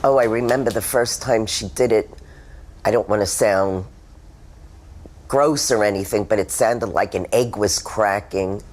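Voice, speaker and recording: A woman's voice: a bass voice, measured pace, a little mellow. A woman, a former smoker, telling her own story in a candid, emotional testimonial. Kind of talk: personal testimonial.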